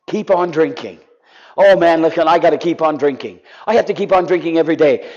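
A man preaching with fervent conviction, his voice rising in urgency and then falling to a near-hushed plea. His voice sits a little high for a man. The recording sounds dull and lo-fi. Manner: impassioned, drops to soft pleading. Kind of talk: sermon.

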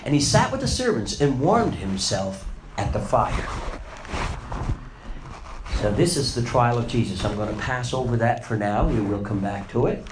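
A man's voice: medium pitch, very animated, normal speed. Male preacher in an echoing room. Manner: dramatic storytelling with rising and falling intensity. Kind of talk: sermon. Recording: roomy echo, faint noise.

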